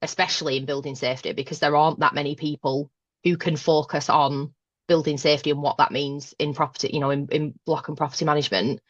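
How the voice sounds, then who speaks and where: Low-voiced woman, Lancashire accent. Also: steady tone, fast talker, no room sound, lo-fi sound. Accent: Lancashire (Burnley). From Burnley, Lancashire, England. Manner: chatty, self-deprecating, frank. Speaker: podcast guest, manager. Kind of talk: casual interview chat.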